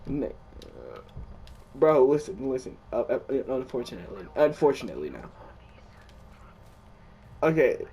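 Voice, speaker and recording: A young man casually telling the story of a dream, excitable, swearing often and restarting his sentences. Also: mid-range voice, a little slow, pauses often, husky. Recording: distant mic.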